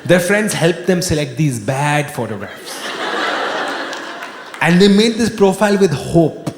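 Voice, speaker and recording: A fairly high-voiced man doing a stand-up set, his pitch swinging widely as he builds to bits. He talks into a stage mic in a big room with long reverb, with audience laughter and room noise clearly behind him. His delivery is wry and animated. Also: measured pace, pauses often. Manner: animated, wry, bursts into shouting. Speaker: stand-up comedian. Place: live comedy venue with audience laughter. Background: audience laughter and room ambience.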